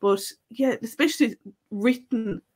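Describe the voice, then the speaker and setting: A woman's voice: on the high side, measured pace, a little mellow, breathy edge. Chatty Irish woman co-host. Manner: chatty, laughs easily, frequent fillers. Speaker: Irish language teacher, co-host. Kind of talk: casual live-stream chat.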